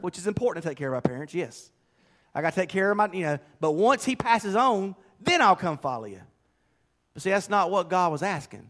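A man preaching a sermon, folksy and conversational, building to loud exhortation. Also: high-pitched, big pitch swings, fairly quick.

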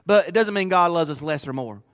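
A man's voice: a little high, animated, fairly quick, a bit bright, dry recording, clean studio sound. A male pastor preaching a sermon in a conversational, emphatic way, often repeating phrases.

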